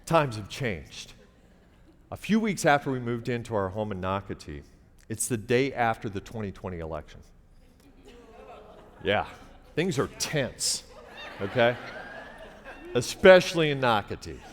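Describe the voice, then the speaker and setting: A man's voice: medium pitch, sing-song, unhurried, long pauses. A middle-aged man telling a wry, conversational comic story on a theater stage, playing to the audience. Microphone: stage mic. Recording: long theater reverb, faint hiss.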